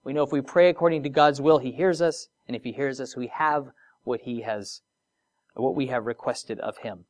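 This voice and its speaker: A preacher delivers a sermon in a mid-range voice, shifting from soft, drawn-out phrases to emphatic rises and mixing in conversational asides and rhetorical questions.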